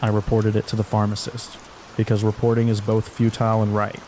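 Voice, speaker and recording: A man narrating a true horror story for sleep in a soft-spoken, calm, even scripted delivery. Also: fairly low pitch, a little fast, slight background noise, low-quality recording. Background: steady rain.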